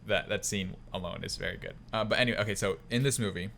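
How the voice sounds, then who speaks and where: A young man co-hosts a loose film review chat, rambling through scenes and laughing as he goes. His voice sits a little low, with a faint room ambience behind him. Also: vocal fry, fairly bright tone, slight background noise. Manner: rambling, laughs often, quick quoted impressions of film lines. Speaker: podcast co-host.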